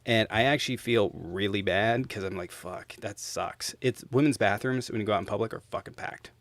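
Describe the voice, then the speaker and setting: A man's voice: fairly low pitch, a little fast, a bit bright, no room sound. A man hosting his own livestream, ranting bluntly and swearing freely in casual talk. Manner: blunt, profane, heated. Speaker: streamer host.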